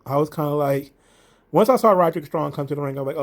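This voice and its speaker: A man giving a casual, rambling recap of a wrestling show, animated and full of restarts. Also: fairly high pitch, quick pace. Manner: rambling, many fillers and restarts, animated retelling.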